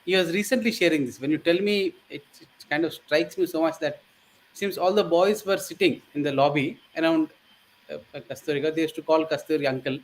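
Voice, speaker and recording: A man tells a story in easy, rambling conversation, his voice sitting a little high. He hesitates often and fills gaps with fillers, and a faint hiss of noise runs under him. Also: a little fast, rough recording.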